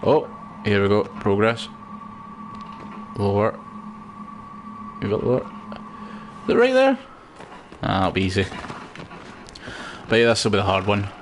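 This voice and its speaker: A man's voice: lowish voice, lively intonation, a little slow, long pauses, a little hiss or hum. A Scottish man chatting loosely while streaming a video game, rambling with lots of fillers. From Scotland. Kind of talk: casual gameplay commentary.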